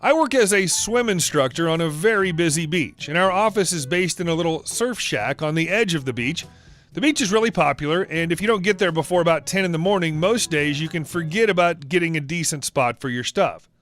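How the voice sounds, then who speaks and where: A man's voice: a little high, lively intonation, a little fast, a bit bright. A man narrating reddit stories, reading every character's dialogue in the same voice. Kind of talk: scripted story narration.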